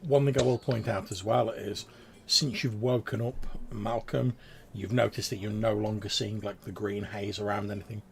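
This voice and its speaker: A man runs a tabletop game, describing scenes in loose, rambling narration. His voice is gravelly, with faint noise in the background. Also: on the low side, steady tone, moderate pace. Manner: loose, filler-heavy narration. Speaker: game master.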